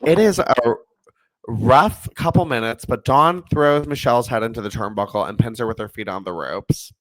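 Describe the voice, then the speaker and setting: A podcast co-host chats casually, laughing often and filling gaps with lots of ums. He has a medium-pitched, slightly bright voice and talks at a normal speed.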